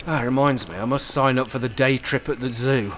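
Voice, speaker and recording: A man's voice: medium pitch, fairly quick, fairly bright tone, soft background music. A man playing a cantankerous pensioner in a comedy sketch, grumpy, sarcastic and bossy. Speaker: cantankerous old pensioner character.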